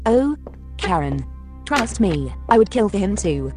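A man putting on a flirty high-voiced secretary. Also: sing-song, measured pace. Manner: high falsetto, teasing. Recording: background music.

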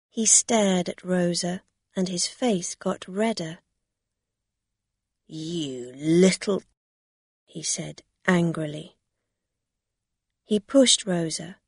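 A woman narrating a story in a slow, deliberate reading. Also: lowish voice, a little mellow, husky, no room sound, clean studio sound.

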